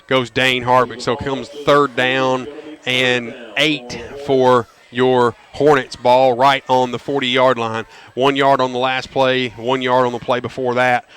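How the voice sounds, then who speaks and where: Folksy football announcer, bright voice. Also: male voice, mid-range voice, smooth. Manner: folksy, erupts into loud excited calls on big plays. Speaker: play-by-play announcer. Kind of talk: high school football radio commentary. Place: stadium press box.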